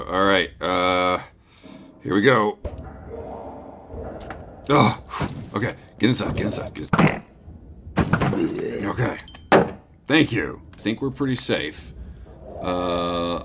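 A man casually commenting on his own gameplay as host, talking to his animals and breaking into excited shouts in big moments. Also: deep voice, creaky, noisy background. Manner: chatty, talks to his pets, bursts into excited shouts.

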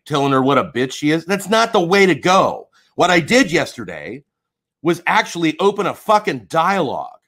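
Man, livestreamer, heated and profane, lively swinging pitch, confrontational. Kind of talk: live stream rant.

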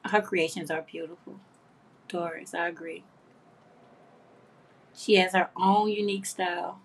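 A woman's voice: lowish voice, fairly even intonation, measured pace, husky. A woman hosting a craft livestream, chatting casually and affectionately with viewers, reading their comments aloud and laughing often.

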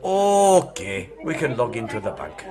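Brief: older Australian man, sixties, crude mocking prank caller, lively swooping voice. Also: on the high side, moderate pace. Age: 60s. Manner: foul-mouthed, mocking, bursts into furious shouting. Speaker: scam baiter.

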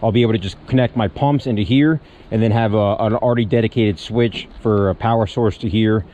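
Mellow-voiced man explaining a truck wiring job. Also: on the low side, brisk, lo-fi sound. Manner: relaxed, talks while working with his hands, loose step-by-step explanation. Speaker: small business owner showing a truck equipment setup. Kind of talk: casual how-to vlog.

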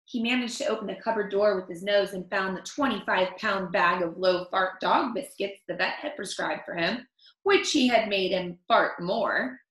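A woman reading a picture book aloud to children, expressive, stopping to comment on the story. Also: medium pitch, normal speed. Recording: echoey room.

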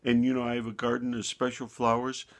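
A man's voice: mid-range voice, completely flat delivery, fast talker, lightly acted. A man doing a stern, kindly shepherd. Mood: earnest. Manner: earnest, scolding yet gentle.

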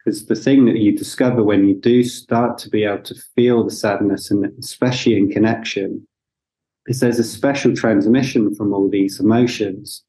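A man's voice: fairly low pitch, fairly even intonation, moderate pace, mellow, low-quality recording. A man who is a guest facilitator, reflecting thoughtfully in conversation and searching for words.

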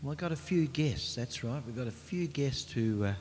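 A man's voice: medium pitch, lively intonation, moderate pace, a little mellow. A man with an Australian accent hosting a homemade comedy bit, introducing guests in a cheeky announcer manner. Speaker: comedy host. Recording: echoey hall with faint hiss.

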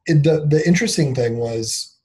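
This thirty-something CEO gives a candid, reflective interview packed with fillers, occasionally performing quick bursts of dialogue. He speaks in a fairly high, mellow voice.

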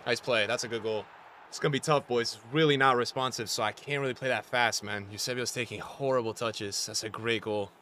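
A man's voice: mid-range voice, steady tone, fairly quick, bright, forceful tone, slight background noise. A young man streaming live gameplay and talking to his chat, frustrated and trash-talking as he plays.

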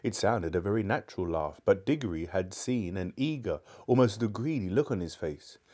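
Male live-reader, lowish, mellow tone, wide expressive swings. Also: normal speed. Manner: expressive storytelling delivery. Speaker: narrator. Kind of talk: live-streamed book reading.

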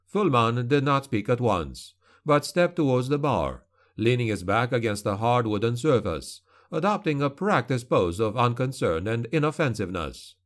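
Man, audiobook narrator, dark fantasy reading, steady, grim, even. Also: medium pitch, moderate pace.

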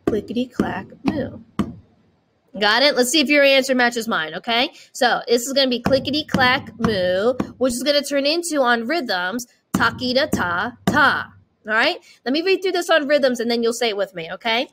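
A woman teaching an online music lesson. She chants rhythm syllables and talks students through them in an encouraging way. Her voice is high, with a faint hiss underneath. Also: lively intonation, moderate pace. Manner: encouraging, checks in with okay.

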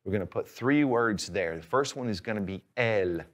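Male language tutor. Patient, methodical explainer with a somewhat low voice. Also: lively intonation, normal speed. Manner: patient, clear, step-by-step explaining. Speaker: language teacher. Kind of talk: instructional lesson.

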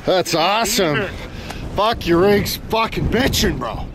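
A man vlogging outdoors in the cold, talking loudly and rowdily, swearing constantly and hooting at his buddies. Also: sits high, expressive, takes it slowly, background noise. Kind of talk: profane casual banter. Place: outdoors in the cold with a motor running.

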